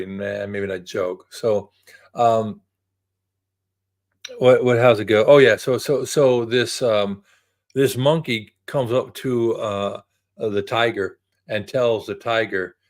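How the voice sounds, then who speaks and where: A man's voice: lowish voice, darkish tone. A man in his early sixties talking to camera in a casual, rambling, reflective way, often repeating words. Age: 60s. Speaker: vlogger.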